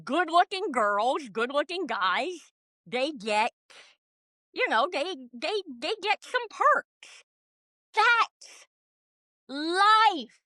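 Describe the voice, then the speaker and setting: A middle-aged woman talking on a podcast in animated, profane, self-mocking rants. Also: sits high, very slow, long pauses, dry recording. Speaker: podcast guest. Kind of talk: casual podcast conversation.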